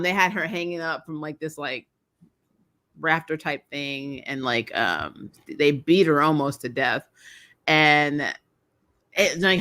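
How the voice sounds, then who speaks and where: Bright, chatty woman hosting a live chat. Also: fairly low pitch. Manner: chatty, expressive, laughs often. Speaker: podcast host. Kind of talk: casual live-stream chat.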